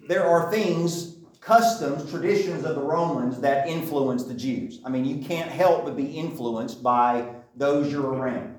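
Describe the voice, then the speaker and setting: A man's voice: on the high side, a little mellow. A man teaching a Bible class, explaining things in a conversational way and often checking in with his listeners. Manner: conversational, with frequent checks like "okay?" and "right?". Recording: echoey room, distant mic.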